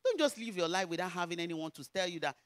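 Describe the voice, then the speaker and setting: A woman's voice: lowish voice, expressive, quick pace, no room sound. A woman pastor with a Nigerian Yoruba accent, telling a personal testimony in a sermon and rising into emphatic preaching.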